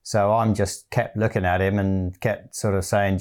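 A man with a very deep voice gives his side of a story in a plain, measured telling. He keeps his pitch flat and even, and he leans on fillers as he goes. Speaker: guest co-storyteller. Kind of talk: personal storytelling.

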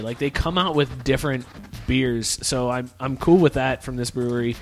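A man's voice: mid-range voice, fairly even intonation, moderate pace. A man co-hosting a podcast in casual chat, laid-back, laughing often and swearing freely. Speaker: podcast co-host.

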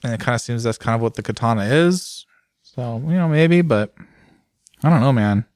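A man co-hosting a podcast in relaxed, joking casual chat. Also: medium pitch, moderate pace, no room sound, studio quality. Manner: relaxed, musing, jokey. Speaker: podcast co-host.

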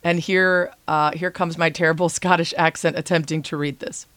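A woman hosting a podcast, interviewing a guest and explaining word origins in a measured, explanatory way. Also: low-pitched, fairly even intonation, fairly bright tone, no room sound. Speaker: podcast host. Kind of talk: interview and scripted word-of-the-week segment.

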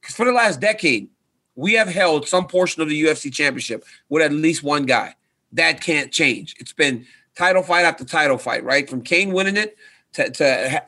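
Male guest, 30s, retired fighter; bright, forceful, slightly high voice, earnest conversational delivery. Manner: earnest, repeats "right?" for emphasis. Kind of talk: casual interview talk.

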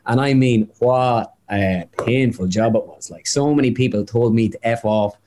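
A man's voice: medium pitch, warm tone, slight background noise. Chatty young man telling stories. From Ireland. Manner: chatty anecdotal storyteller, quick with asides. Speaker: guest, impressionist. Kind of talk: casual interview chat.

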